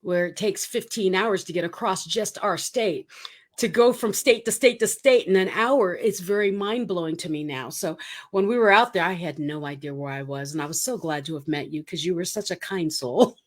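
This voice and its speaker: A woman's voice: fairly low pitch, moderate pace. A middle-aged woman from the Philippines hosting an interview show, effusive and enthusiastic, laughing often. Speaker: show host.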